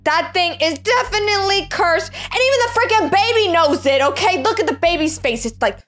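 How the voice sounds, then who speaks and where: A woman hosting a casual reaction video, excitable and exclamatory, often gasping. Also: extremely high pitch, a little fast, soft background music. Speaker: channel host reacting to images.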